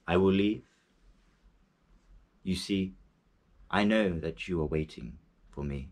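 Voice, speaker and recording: A man with a very deep voice talks unhurriedly to camera. He stumbles through many fillers and false starts, and his French carries an English speaker's accent. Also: darkish tone. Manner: halting, many fillers and restarts. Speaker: language learner reciting poetry. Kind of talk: casual talk to camera.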